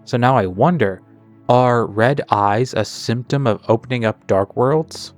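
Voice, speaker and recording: A man's voice: medium pitch, a little slow, faint music behind. A man narrating a character analysis of a video game in a chatty way, drifting into tangents and sarcastic asides. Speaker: video essayist.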